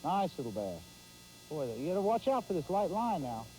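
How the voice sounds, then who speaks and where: A man hosting a fishing show, giving folksy live commentary from a boat on a pond and exclaiming loudly. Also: fairly high pitch, sing-song, normal speed, slight background noise, poor audio.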